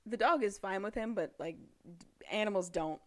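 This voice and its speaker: A woman's voice: mid-range voice, normal speed, dry recording. A woman chatting casually as a podcast co-host recapping a book, talking with lots of fillers and frequent laughs. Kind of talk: casual chat.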